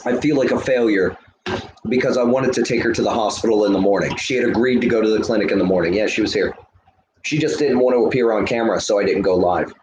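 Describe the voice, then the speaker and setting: A man's voice: on the low side, fast, echoey room, noisy background. Heated, profane man ranting to chat. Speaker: livestreamer. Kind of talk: live stream rant to chat.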